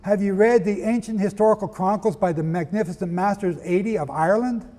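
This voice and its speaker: A man with a high-pitched, warm voice talks fast as he preaches and teaches, reading from old histories. He speaks emphatically and fires questions at his listeners, and the recording has a long reverb.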